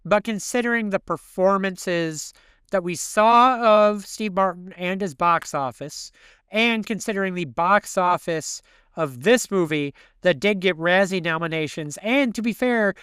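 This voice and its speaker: A man co-hosting a podcast in casual movie chat, animated and swearing freely as he talks. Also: high voice, normal speed, clean tone, no room sound, studio quality. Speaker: podcast co-host.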